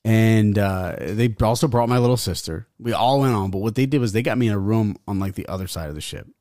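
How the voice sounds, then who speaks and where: A young man tells a long, rambling story in casual chat, cursing and laughing along the way. His voice sits on the low side and sounds close and dry. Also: a little fast, darkish tone, no echo. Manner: profane, rambling, laughs as he talks. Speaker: guest rapper.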